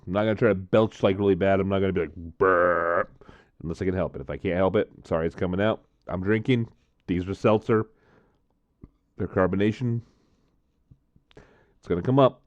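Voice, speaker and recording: Male vlogger, low voice, casual and rambling, dry close sound. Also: brisk, long pauses, a little mellow, no room sound, lo-fi sound. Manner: rambling, many "uh, um" fillers. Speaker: vlogger reviewing drinks. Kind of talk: casual drink review and storytelling.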